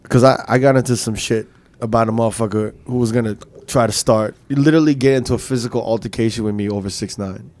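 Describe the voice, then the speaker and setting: A man's voice: mid-range voice, steady tone, fast talker, a little mellow. Picture a man from New York chatting casually among friends, his voice in the middle range. He rambles, swears freely and keeps throwing questions around the table. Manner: profane, rambling, asks the others questions. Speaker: podcast co-host. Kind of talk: casual chat.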